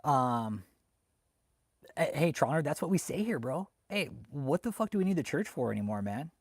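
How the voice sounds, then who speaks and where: A man's voice: on the high side, very animated, normal speed, breathy edge, no echo. Man ranting and swearing on a livestream. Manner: heated and swearing, with loud outbursts. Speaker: livestream host reading chat. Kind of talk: profane ranting live commentary.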